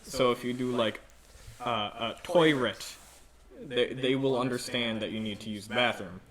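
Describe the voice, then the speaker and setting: Brief: male podcast guest, mid pitch, halting delivery, crowd chatter behind. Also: steady tone. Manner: halting, many restarts and fillers. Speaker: podcast participant planning a Japan trip. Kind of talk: casual chat.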